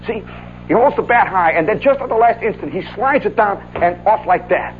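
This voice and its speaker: A man spins an animated, folksy story, adding "see" at every turn. His voice sits high for a man. The sound is tinny like an old radio broadcast, with a faint hiss behind it. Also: brisk. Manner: animated, folksy, says "see" and "oh, yeah" often. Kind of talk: spoken monologue recollection.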